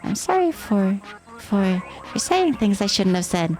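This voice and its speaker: A woman's voice: mid-range voice, sing-song, a little slow, darkish tone, faint music behind. Woman voicing a timid stammering young man. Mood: nervous. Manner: nervous, stammering.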